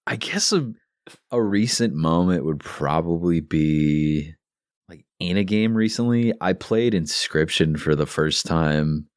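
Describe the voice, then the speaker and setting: A man as a guest on a games podcast, talking easily with pauses and fillers. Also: low-pitched, no room sound, studio quality. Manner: easygoing, listing things with pauses and fillers. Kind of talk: casual chat.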